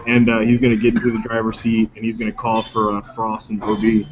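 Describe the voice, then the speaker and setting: A man's voice: lowish voice, completely flat delivery, fast. A man playing a tabletop game, urgently declaring what his character does. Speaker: player. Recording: dull lo-fi recording, faint noise.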